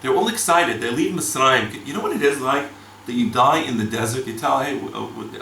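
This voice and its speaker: A man teaching a Torah class, swinging between loud exclamations and hushed asides and weaving Hebrew terms into his English. His voice is bright and sits at a middling pitch. It sounds set back from the mic in an echoing room with a faint hiss. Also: animated, fairly quick, vocal fry. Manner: dramatic, rhetorical questions, sweeping pitch for emphasis; sprinkles Hebrew terms and reads Talmud aloud. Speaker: rabbi teaching the weekly Torah portion. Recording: echoey room, mic at a distance.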